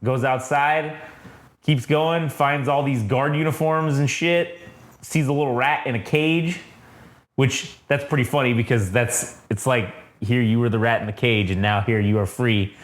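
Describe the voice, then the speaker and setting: A man's voice: medium pitch, fairly even intonation, unhurried, reverberant. A man co-hosting a podcast, retelling a comic's plot casually with lots of swearing and acted-out quotes. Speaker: podcast co-host. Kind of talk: casual comic review chat.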